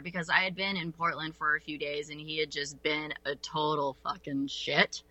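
A woman casually telling a personal story, animated and acting out what people said, swearing freely. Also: fairly low pitch, a little slow, dry recording. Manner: animated, acts out quoted voices, swears freely.

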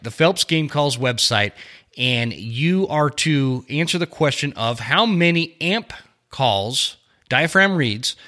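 Bright-voiced rambling male podcast host. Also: mid-range voice. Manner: rambling, with many fillers and self-corrections. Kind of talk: casual podcast chat. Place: small home studio under remodel.

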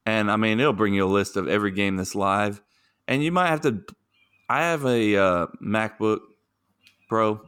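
A man's voice: lowish voice, normal speed, a bit bright, smooth. Laid-back young man hosting a podcast. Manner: laid-back, rambling storyteller. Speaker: podcast host. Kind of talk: casual chat.

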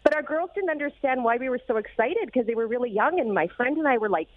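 A woman co-hosting a radio show, telling a story in a bubbly, excited way. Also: high-pitched, quick pace, no echo, narrow, tinny audio. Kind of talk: casual radio chat.

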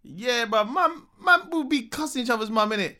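A young man, chatting casually and acting out the people in his stories in a slangy, animated way. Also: extremely high pitch, normal speed. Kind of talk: casual chat, storytelling.

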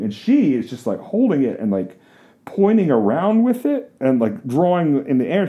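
A man spins a crude, self-mocking anecdote, wandering off into asides. His voice is mellow and dark at a middling pitch. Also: expressive, moderate pace. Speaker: storyteller. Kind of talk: comic personal storytelling.

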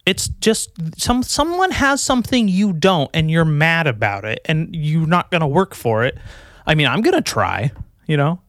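A man's voice: fairly high pitch, sing-song, moderate pace, a bit bright, no room sound. A man hosting his own podcast alone, talking in a rambling, profane, self-mocking way in casual chat. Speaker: podcast host. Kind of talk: casual solo podcast monologue. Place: at home with his dog.

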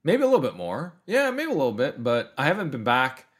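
A man's voice: medium pitch, huge pitch swings, brisk. A middle-aged man from Northern California, a guest in a casual talk, friendly and full of hesitant restarts. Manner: warm, complimentary, hesitant restarts. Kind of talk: casual conversation.

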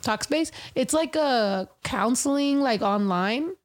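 Bubbly, high-voiced woman telling stories. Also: slow. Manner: animated storyteller, swears freely, acts out quotes. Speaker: podcast co-host. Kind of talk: casual chat.

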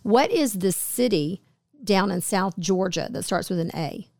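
A woman's voice: medium pitch, expressive, measured pace, vocal fry, darkish tone, no echo, studio quality. A woman co-hosting a casual radio talk show, chatty and teasing as she quizzes her co-host.

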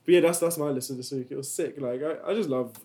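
A man's voice: mid-range voice, quick pace, slight background noise. Slangy, upbeat young man. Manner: relaxed, enthusiastic slangy chatter with frequent laughs. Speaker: podcast co-host. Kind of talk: casual chat.

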